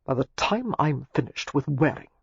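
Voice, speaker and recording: Arrogant commanding earl voiced by the narrator, curt and certain, husky, dry dull audio. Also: mid-range voice, sing-song, moderate pace, no room sound, full character voice. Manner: curt and authoritative. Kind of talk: audiobook character reading.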